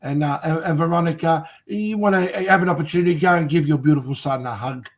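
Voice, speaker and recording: A man's voice: a little high, fast. A man on a sports podcast panel, hesitant with many ums, teasing others.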